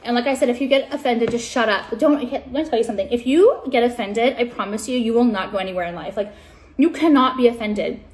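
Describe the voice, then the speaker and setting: Combative, profane high-voiced woman vlogger. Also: quick pace, darkish tone. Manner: combative, profane, full of "like" fillers. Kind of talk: profane vlog rant.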